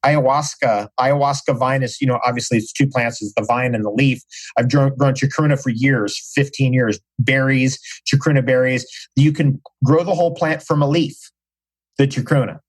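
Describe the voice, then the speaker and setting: A man's voice: mid-range voice, fairly even intonation, moderate pace, low-quality recording. A middle-aged man, a podcast guest, telling stories in casual conversation with enthusiasm and slang.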